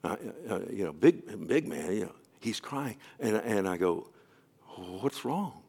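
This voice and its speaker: A man who is a pastor, preaching a sermon and telling a story, often falling to a soft, near-whispered voice with stammering restarts. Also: lowish voice, sing-song, unhurried, vocal fry, breathy edge.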